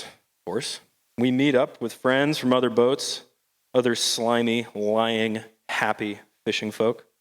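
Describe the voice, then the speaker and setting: A fisherman poet performing on a theatre stage, telling stories in a wry, conversational way. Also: mid-range voice. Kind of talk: stage poetry storytelling.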